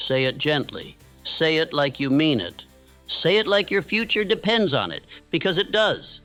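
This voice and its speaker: A man giving a scripted motivational speech, leading listeners through affirmations in a measured, earnest way. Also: mid-range voice, animated, a bit bright. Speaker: motivational speaker. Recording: dull lo-fi sound with faint music.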